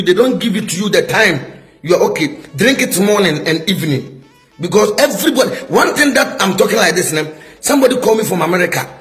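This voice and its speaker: A man's voice: high-pitched, fairly bright tone. A middle-aged man with a Ghanaian English accent, a prophet scolding a rival in a heated video response, full of rhetorical questions.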